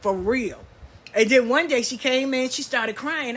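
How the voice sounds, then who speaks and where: A husky older woman talks casually about her grandkids, blunt and a bit profane. She laughs a lot as she goes, and her voice sits a little high for a woman. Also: unhurried. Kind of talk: casual storytelling.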